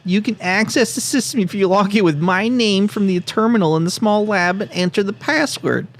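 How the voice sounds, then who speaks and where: A man's voice: high-pitched, moderate pace, voice pushed up. A man voicing a nerdy male scientist with a Southern accent, reading out an earnest farewell letter. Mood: pleading.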